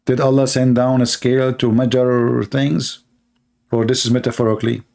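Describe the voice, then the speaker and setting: A man's voice: mid-range voice, little pitch movement, moderate pace, creaky, a little mellow. Mocking male commentator, non-native English. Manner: mocking, sarcastic. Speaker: online commentator. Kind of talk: screen-reading commentary.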